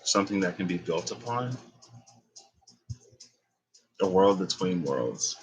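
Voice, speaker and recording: A man's voice: low-pitched, animated, takes it slowly, slightly rough, low-quality recording. A young man giving a casual tarot reading, rambling and thinking aloud as he corrects himself. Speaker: tarot reader.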